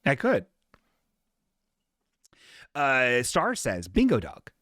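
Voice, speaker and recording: A man's voice: medium pitch, wildly swooping pitch, drawn-out words, fairly bright tone, no echo, studio quality. A man hosting a live podcast, reading out chat messages in a loose, jokey way, swearing freely and slipping into silly voices for the people he quotes. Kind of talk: casual live-stream chat.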